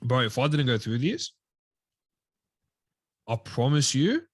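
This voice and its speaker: Casting: male co-host, mid-range, heartfelt, quiet at times, dry close mic. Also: medium pitch, very animated, slow pace, no echo. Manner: heartfelt, often drops to a quiet voice. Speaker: podcast co-host. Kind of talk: casual faith chat.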